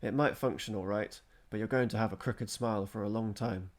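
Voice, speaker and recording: A man voicing a stern, calm grown father who speaks in a measured way, in a storybook reading. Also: fairly low pitch, lightly acted. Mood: thoughtful. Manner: measured, severe.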